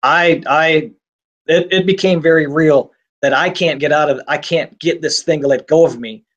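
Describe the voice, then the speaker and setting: Halting, intense man telling his story. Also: on the high side, a bit bright, muffled recording. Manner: halting, repeats and restarts words, intense. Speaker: interview guest telling his survival story. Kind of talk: personal testimony in an interview.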